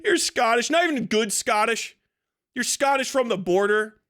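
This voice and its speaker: Hosting a livestream, a man with an extremely high, fairly bright voice launches into a profane, mocking rant at a moderate pace. He sounds animated and aggressive, swearing constantly and laughing with scorn.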